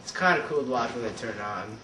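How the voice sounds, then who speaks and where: A man hosting his own vlog, rambling through unscripted random thoughts in a goofy, deadpan way. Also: mid-range voice, brisk. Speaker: vlog host. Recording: roomy and distant with faint noise.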